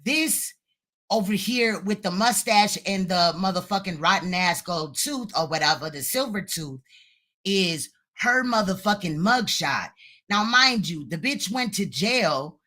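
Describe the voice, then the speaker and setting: A woman's voice: medium pitch, animated, a little slow, pushed and bright. A woman hosting a livestream, ranting with profane, insulting retorts. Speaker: live stream host. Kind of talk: heated reaction livestream.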